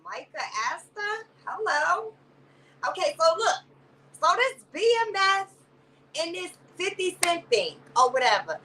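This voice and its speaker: A woman's voice: extremely high pitch, very animated, a little slow, sharp tone, distant mic, poor audio. A woman hosting a casual live-stream commentary, rambling and profane, greeting chat viewers by name and padding her talk with "or whatever". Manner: greets chat viewers by name, calls them baby and sister. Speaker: livestream commentary host.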